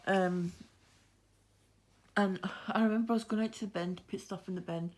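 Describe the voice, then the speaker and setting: A woman's voice: mid-range voice, fairly even intonation, moderate pace, a little mellow. A woman from Scotland with a Fife accent, chatting as she stitches, telling rambling stories with frequent laughs and restarts. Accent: Fife Scottish. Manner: rambling, laughs often, many fillers and restarts. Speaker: cross-stitch vlogger. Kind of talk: chatty storytelling while stitching.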